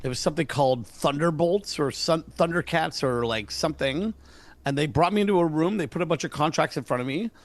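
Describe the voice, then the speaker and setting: A middle-aged man, a comedian guest, telling stories in a casual interview and acting out the dialogue with lively voices. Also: on the high side, fairly quick. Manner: energetic, acts out dialogue with voices.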